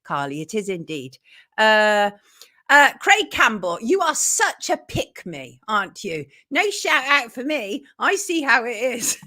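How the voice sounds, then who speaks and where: A woman's voice: on the high side, sharp tone. A woman hosting a live morning show, chatting and greeting viewers by name. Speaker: host.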